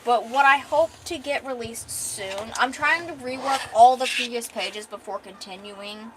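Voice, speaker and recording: A woman's voice: a little high, a little slow, heavy background noise. A young woman chatting casually as a comic artist and streamer. She rambles and fills her talk with ums and restarts. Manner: rambling, with many fillers and restarts. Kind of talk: casual chat.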